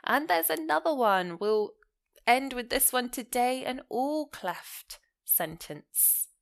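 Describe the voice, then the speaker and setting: A woman teaching a grammar lesson. She explains points clearly and leans hard on key words, often. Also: sits high, slow. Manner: explanatory, stressing key words with lively rises and falls. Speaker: English teacher.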